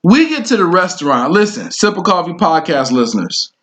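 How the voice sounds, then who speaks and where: Guy on a couples podcast, kinda high voice, super animated, laughing thru his stories. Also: a little fast. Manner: animated storytelling, laughing a lot. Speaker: podcast co-host. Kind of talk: joking married-couple chat.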